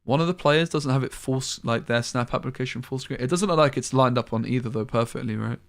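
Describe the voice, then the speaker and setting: A man casting a card game tournament live, calling plays briskly and thinking aloud between moves. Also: mid-range voice, vocal fry. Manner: brisk analytical play-by-play with thinking-aloud asides. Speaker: tournament caster. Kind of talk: live esports play-by-play commentary.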